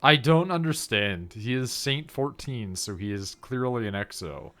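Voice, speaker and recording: A male streamer chats casually over gameplay at an ordinary pitch. He gets animated and laughs easily, and he breaks into quick impressions of the characters. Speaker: game streamer.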